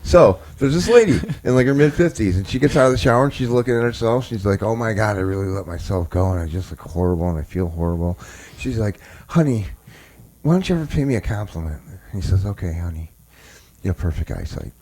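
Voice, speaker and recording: A man's voice: on the low side, lively intonation, quick pace, a little mellow. A man who is a dad, telling a short joke on a casual podcast.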